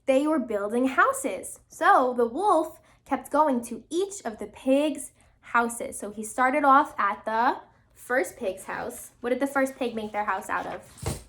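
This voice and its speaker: Here a teacher, a woman, brings a storybook to life for her pupils, breaking off now and then to test them with questions. High-pitched and very lively with big pitch swings, she builds suspense by slowing her pace and dropping to a whisper.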